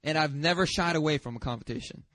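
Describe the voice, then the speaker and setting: A pastor preaching a sermon in a lively, conversational way, with self-deprecating humor and chatty asides. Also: male voice, a little high, fast talker, no room sound.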